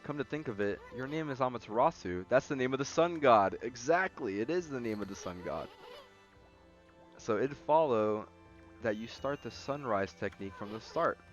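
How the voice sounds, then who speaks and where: A man reading game dialogue aloud as a cocky tiny male artist sprite, in a steady, near-plain voice. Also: medium pitch, normal speed, lo-fi sound, faint music behind, lightly acted. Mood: wry.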